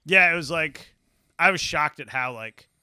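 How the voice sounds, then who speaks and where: Male podcast co-host, bright smooth voice, blunt, jokey, profane. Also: a little high, lively intonation, unhurried, no room sound, clean studio sound. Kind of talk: casual podcast chat.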